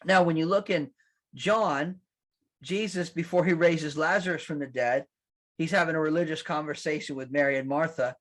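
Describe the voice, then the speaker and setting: A man preaching a sermon as pastor, conversational and animated, acting out quotes and restarting his sentences. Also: fairly high pitch, normal speed. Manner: animated, acts out quotes, laughs at his own lines.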